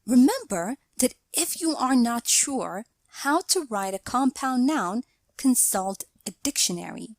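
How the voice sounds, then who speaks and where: A woman narrating a scripted English grammar lesson in a measured, explanatory way, reading out example sentences. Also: fairly high pitch, big pitch swings, no room sound.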